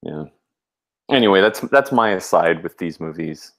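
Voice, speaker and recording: Deep-voiced man rambling in casual chat. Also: expressive, moderate pace, a bit bright. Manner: rambling, many fillers and restarts. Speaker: podcast co-host.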